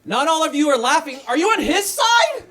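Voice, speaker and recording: Animated stand-up comic, high lively voice. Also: male voice, brisk, a faint crowd. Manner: lively, jumps into high voices for quoted people. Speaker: stand-up comedian. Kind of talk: stand-up set. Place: small restaurant comedy night.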